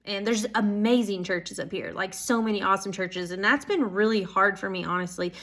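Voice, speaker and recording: Young woman, earnest personal vlog update, gushing and rambling, mid-pitched voice. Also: fairly quick, fairly bright tone. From Oklahoma. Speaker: Bible school student.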